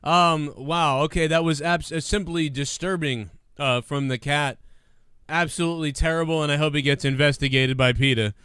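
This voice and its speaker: A man's voice: on the high side, steady tone, moderate pace, fairly bright tone, clean tone, no echo, studio quality. A man hosting a casual comedy podcast, rambling and joking with lots of fillers. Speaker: podcast host.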